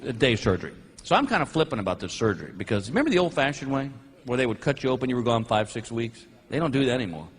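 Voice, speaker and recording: A male stand-up comedian telling a story with animated delivery, bursting into shouted punchlines. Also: medium pitch, very fast, few pauses, husky. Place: comedy stage before a live audience. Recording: live stage audio with crowd noise.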